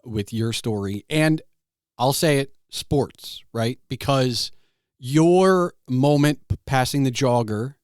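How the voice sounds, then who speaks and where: A man's voice: mid-range voice, dry recording, studio quality. A man in his forties hosting a podcast interview, asking long, rambling questions full of "like". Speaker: podcast host. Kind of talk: conversational interview.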